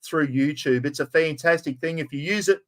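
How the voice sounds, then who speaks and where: A man's voice: a little high, brisk, rough recording. An older Australian man hosting a casual live-stream chat, friendly and matey, calling everyone mate. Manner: matey, says "mate" constantly. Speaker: host.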